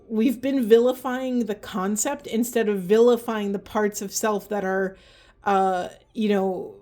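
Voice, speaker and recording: Mellow-voiced woman giving an oracle reading. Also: medium pitch. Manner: earnest, impassioned, urging. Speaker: spiritual tarot reader. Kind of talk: oracle card reading to camera.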